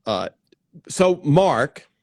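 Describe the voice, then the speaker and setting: A man's voice: on the high side, big pitch swings, extremely slow, creaky, a little mellow, no echo. A man hosting a casual live stream, chatting and greeting viewers by name as he goes, with frequent restarts. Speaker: livestream host. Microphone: plugged-in desk microphone.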